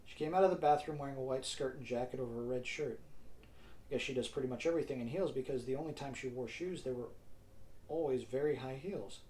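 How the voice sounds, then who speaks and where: A man's voice: medium pitch, fast, darkish tone, poor audio. A man narrating his own audiobook in a casual style, dropping wry asides to the listener. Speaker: narrator and author. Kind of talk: self-read audiobook narration.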